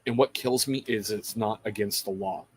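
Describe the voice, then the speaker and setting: A man's voice: fairly low pitch, normal speed, husky, dry recording. Casual rambling male livestream host. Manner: rambling, reads out viewer names, swears casually. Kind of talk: casual livestream chat with viewers.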